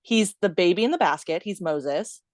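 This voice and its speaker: A woman's voice: on the low side, lively intonation, moderate pace, no room sound, studio quality. A woman co-hosting a podcast, chatty and giggly, thinking aloud about a film. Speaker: podcast co-host. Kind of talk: casual chat about a film.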